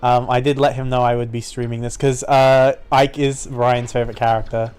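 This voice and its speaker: A man's voice: mid-range voice, little pitch movement, moderate pace, a little mellow, clear, resonant tone, faint music behind. A young man with an Australian accent chatting casually and thinking aloud while streaming a game. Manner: chatty, self-deprecating, thinking aloud with fillers. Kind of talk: live-streamed game playthrough.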